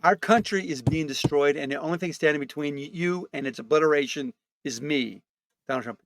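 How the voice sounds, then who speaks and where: A man's voice: a little high, fairly quick, no room sound, natural voice. A male comedian putting on a boastful, rambling older politician for a comic impression, bragging and complaining in a self-pitying way. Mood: bombastic.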